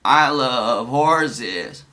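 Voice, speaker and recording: A man voicing a middle-aged man flirting in an online chat, slow and flat. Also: mid-range voice, heavily acted.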